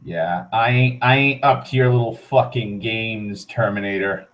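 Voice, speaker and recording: A man's voice: on the low side, measured pace, a bit bright, low-quality recording. A young man giving let's play commentary, muttering and swearing as he plays. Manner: swearing, muttering reactions to the game. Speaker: gaming channel host.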